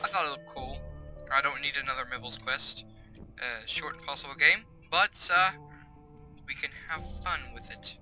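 A man's voice: mid-range voice, normal speed, sharp tone, faint music behind, low-quality recording. A young man giving casual, chatty let's-play commentary from his bedroom, reading on-screen tips aloud. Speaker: gaming YouTuber. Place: home bedroom.

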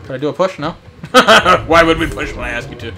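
A man's voice: fairly high pitch, a little fast, noisy background. A young man streaming a game, chatting casually, swearing and joking, slipping into silly put-on voices. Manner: profane, rowdy, swings into put-on voices. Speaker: gaming streamer. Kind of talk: casual live game commentary. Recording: faint music behind.

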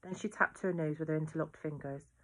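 Low-voiced woman reading a novel. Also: fairly even intonation, fairly quick, a bit bright. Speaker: reader. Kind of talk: reading a children's novel aloud.

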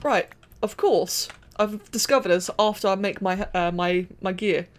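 A young woman giving chatty, excitable let's-play commentary, thinking aloud and talking to the characters on screen. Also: medium pitch, unhurried, a little hiss or hum. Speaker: gaming channel host.

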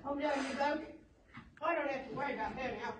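A woman playing an excitable Australian male wildlife presenter in an improv sketch, exclaiming and narrating to the camera in a put-on Australian accent. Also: sits high, fast, close to an everyday voice. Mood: frantic. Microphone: phone camera. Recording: echoey far-off noisy phone video.

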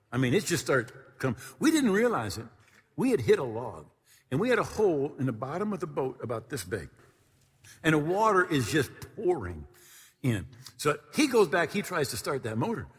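A middle-aged preacher with a fairly high, husky voice tells a story from the pulpit, his pitch swooping up and down as he acts out each moment. His voice carries through a church sanctuary with a long, ringing reverb. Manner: animated storyteller, acting out voices, laughing at own story. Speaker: pastor. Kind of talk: storytelling sermon. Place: church sanctuary before a congregation.

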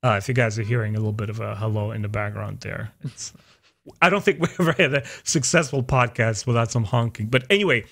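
Animated, opinionated podcast host, man. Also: fast talker. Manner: opinionated, animated, jumps into high pitch for emphasis. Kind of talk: casual chat.

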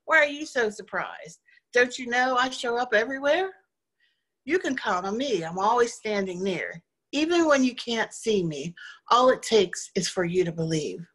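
A woman's voice: a little high, very animated, normal speed, a bit bright. Woman voicing Faith: cheerful, eager, reassuring female spirit.

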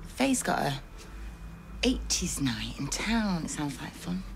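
A woman's voice: deep voice, big pitch swings, slow, vocal fry, slight background noise, exaggerated voice. A woman with a Northern English accent in a television soap drama, talking in a dry, teasing way.

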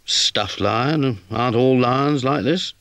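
A man's voice: mid-range voice, slow, fairly bright tone, no room sound, voice pushed up. A man voicing a cheerful, timid male dog who boasts a little, in a chirpy, jolly way. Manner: chirpy, jolly, a bit nervous. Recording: music behind.

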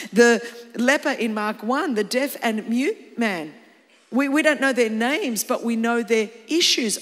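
Australian woman in her fifties, impassioned sermon, emphatic, long hall reverb. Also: a little high. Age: 50s. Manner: impassioned, rising to emphatic exclamations. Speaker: preacher.

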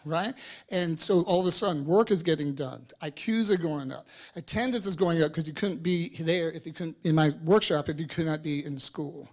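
A man in his fifties, an artist, giving a storytelling talk to an audience, acting out quoted voices and swinging between soft and loud. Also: fairly high pitch.

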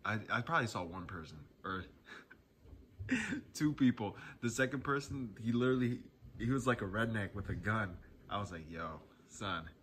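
A man's voice: lowish voice, sing-song, normal speed, a bit bright, a little hiss or hum. A young man casually telling a personal story, laid-back and profane, chuckling often.

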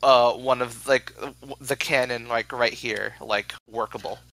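A man's voice: medium pitch, fairly even intonation, a little slow, vocal fry, a crowd in the background, rough recording. A man playing a tabletop game, eager and casual, swearing often and filling his talk with "like.". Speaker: player.

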